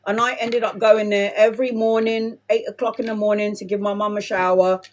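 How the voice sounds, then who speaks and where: This live tarot reading comes from a woman with a mid-range, level voice who talks briskly with few pauses. She curses openly, gets emotional and blunt, and calls the audience "sweetheart" and "my love."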